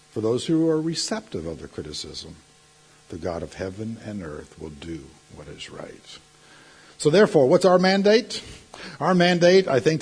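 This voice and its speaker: A middle-aged male pastor delivering a sermon, telling stories and breaking into sudden loud outbursts. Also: on the low side, slightly rough.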